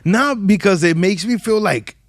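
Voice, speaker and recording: A man's voice: high voice, normal speed, no echo, studio quality. A man hosting a podcast who tells a story in a casual, slangy, profane way. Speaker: podcast host. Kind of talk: casual chat.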